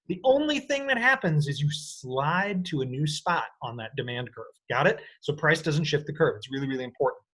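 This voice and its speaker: A man teaching an economics lecture in an energetic, playful way, often checking in with his students. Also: fairly high pitch, normal speed, husky. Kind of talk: recorded lecture.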